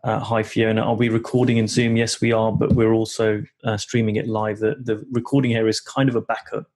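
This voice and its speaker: A man's voice: on the low side, level tone, fairly quick, darkish tone. A man hosting a live coaching webinar over a video call, talking casually with many fillers and restarts.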